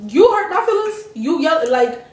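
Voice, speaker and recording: Woman, high voice, dramatic and playful, roomy distant sound. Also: big pitch swings, moderate pace, a little mellow. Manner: dramatic, playful, laughs often. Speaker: podcast co-host. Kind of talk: casual podcast chat.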